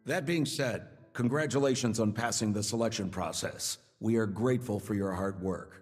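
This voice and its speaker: A stern, formal commander of hunters with a lowish voice. He speaks in a measured, official manner. Faint game music plays behind him. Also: husky.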